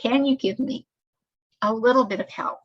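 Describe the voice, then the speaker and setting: A woman's voice: on the high side, normal speed, dull audio, voice pushed up, close to an everyday voice. Woman doing a worn-out care worker pleading. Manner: pleading, weary. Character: exhausted female care worker pleading for help.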